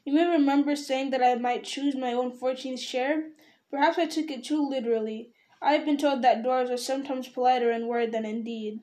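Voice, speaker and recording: A woman's voice: high-pitched, steady tone, a little fast, dark tone, lightly acted. A woman reading aloud, voicing a small, fussy male hobbit who is flustered and politely indignant.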